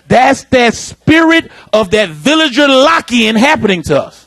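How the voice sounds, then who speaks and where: A man preaching a lively sermon in church, calling out to the congregation. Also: high-pitched, unhurried, no echo. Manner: animated preaching, calls out to the congregation. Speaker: pastor. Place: church sanctuary.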